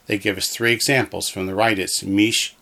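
A man's voice: fairly low pitch, fairly even intonation, brisk, bright, forceful tone. A man teaching a recorded Hebrew lesson from a textbook, patiently repeating each word so learners can echo it. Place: alone in a room, talking to the wall.

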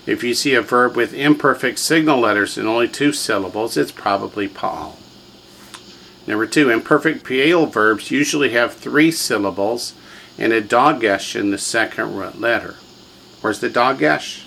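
A man's voice: medium pitch, moderate pace, creaky, pushed and bright, a little hiss or hum, low-quality recording. A man teaching a classroom lesson, drilling students with repetition and quiz questions. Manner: drills students, has them repeat words, quizzes them. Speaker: language teacher.

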